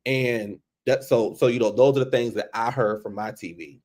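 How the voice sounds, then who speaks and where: A man giving a casual, profane recap of a show on camera, animated and repetitive. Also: medium pitch, moderate pace. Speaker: show reviewer.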